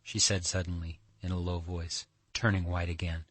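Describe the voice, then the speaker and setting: A male audiobook narrator reading a classic novel in a measured, even manner. His voice is fairly low. The recording is close and dry. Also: dry recording. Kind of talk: scripted narration.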